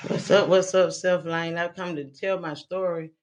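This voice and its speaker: A woman's voice: lowish voice, steady tone, moderate pace, darkish tone, lo-fi sound, slight background noise. Sex: woman. Style: blunt testimony. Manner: blunt, profane storytelling. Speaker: interview guest. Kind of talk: candid personal testimony.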